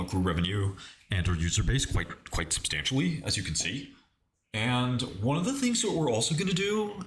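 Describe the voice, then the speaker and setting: Guy doing a stiff tech ceo earnings pitch, lots of ums and uhs. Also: a bit bright, slight background noise, lightly acted. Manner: halting corporate spiel full of ums.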